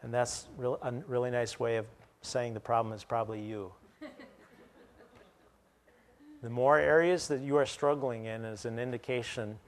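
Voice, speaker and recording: A man preaching a sermon in a relaxed way, with joking asides. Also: mid-range voice, moderate pace, long pauses. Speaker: pastor.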